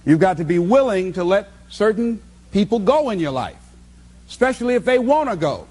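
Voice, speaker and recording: A man's voice: sits high, very animated, normal speed, darkish tone, slight background noise. A man giving a motivational speech to a live audience, preaching emphatically and repeating phrases for effect. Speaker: motivational speaker.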